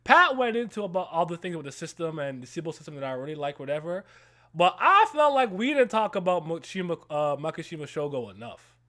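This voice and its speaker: A young man talks on a casual stream in a high, bright, pushing voice. He gets hyped quickly, swears freely and breaks into laughter between his points. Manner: excitable, loud bursts, laughs often, swears freely. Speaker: stream co-host.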